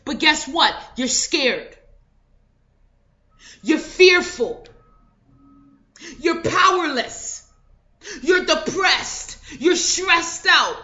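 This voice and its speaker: A woman's voice: sits high, lively intonation, drawn-out words, long pauses, bright, forceful tone. A woman giving an emphatic motivational speech, repeating affirmations for her listeners. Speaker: motivational speaker. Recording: dull lo-fi recording.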